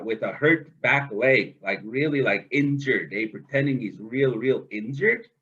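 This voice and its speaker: Slow, husky male storyteller. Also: mid-range voice, fairly bright tone, muffled recording. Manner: conversational, with chanted song lines and many tag questions. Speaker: oral storyteller. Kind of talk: telling a folktale to students. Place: school.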